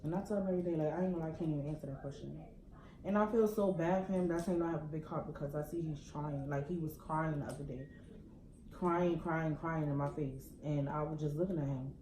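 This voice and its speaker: A young woman, telling a heated story on a casual couple vlog, ranting in quick slang. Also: low-pitched, steady tone. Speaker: couple vlogger. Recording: echoey room with background noise.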